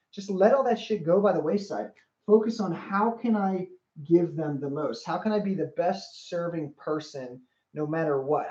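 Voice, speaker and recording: Brief: earnest male life coach, mellow tone with a fairly high pitch, livestreaming from a roomy space with slightly dull audio. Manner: earnest, repeats phrases, greets viewers by name. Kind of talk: motivational livestream talk.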